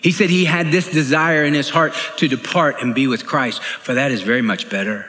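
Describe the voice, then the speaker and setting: A man's voice: mid-range voice, normal speed, pushed and bright. A male pastor preaching an earnest, emphatic sermon, often repeating his phrases for weight. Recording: echoey hall.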